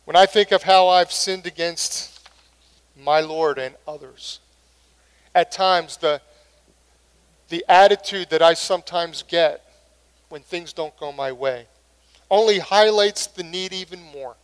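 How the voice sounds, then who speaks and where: A man's voice: fairly high pitch, takes it slowly, long pauses, smooth. A middle-aged male pastor preaching a sermon in an earnest, conversational way.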